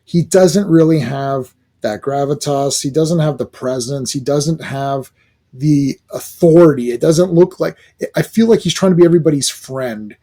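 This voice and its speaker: Man, slightly high voice, casual review rant, rambling, exasperated. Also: moderate pace, mellow. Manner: rambling, exasperated, many fillers and restarts. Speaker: video reviewer.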